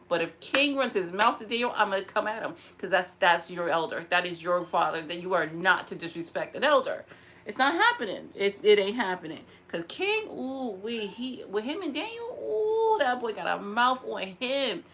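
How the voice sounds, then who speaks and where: A woman chatting casually to her audience, venting in an animated way, with laughter and sudden high exclamations. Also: a little hiss or hum. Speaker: vlogger. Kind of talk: casual chat to camera.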